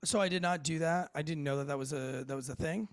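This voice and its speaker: A man from Florida, a podcast guest, telling stories in a casual, profane, animated way. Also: fairly high pitch, quick pace, no room sound. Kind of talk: casual storytelling chat.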